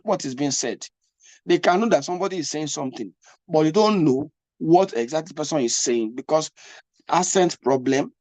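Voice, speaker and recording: A man's voice: a little high, darkish tone, dry recording. A man giving a spoken lesson as an English test coach, often repeating himself and checking whether the listener is following. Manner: repetitive, stumbling restarts; asks listener to follow along.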